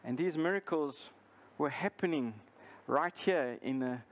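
A pastor reading scripture, praying and preaching a sermon in an earnest way, with restarts and fillers. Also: male voice, on the high side, a little slow.

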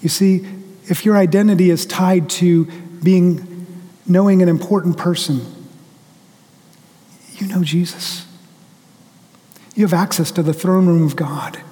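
High-voiced preacher in a reverberant hall. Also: male voice, steady tone, measured pace, long pauses, dark tone. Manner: storytelling preacher who acts out quotes. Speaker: pastor. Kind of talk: sermon.

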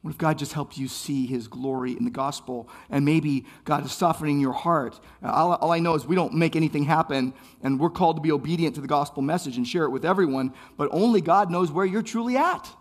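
A man's voice: on the high side, fairly quick, few pauses. A man preaching a sermon as pastor, impassioned, building phrases by repeating them.

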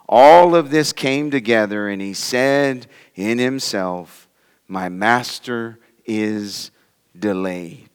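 A man preaching verse by verse through a passage, his smooth, resonant voice pitched a little high. He swings between loud emphasis and hushed drops, and the sound rings with a long reverb from a large hall. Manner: expository preaching, reading and explaining scripture verse by verse; dramatic swings in pitch and loudness, voices scoffers mockingly. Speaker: pastor. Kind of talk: sermon.

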